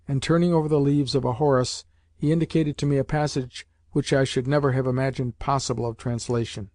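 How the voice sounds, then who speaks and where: Man, audiobook narrator, measured scripted narration, mid pitch, dry close sound. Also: steady tone, darkish tone, no room sound.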